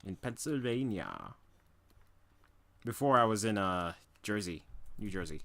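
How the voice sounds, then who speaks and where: A man's voice: on the low side, expressive, measured pace, creaky, long pauses, a bit bright. A young man from New York City chatting casually during a live drawing stream, rambling and humming to himself between remarks.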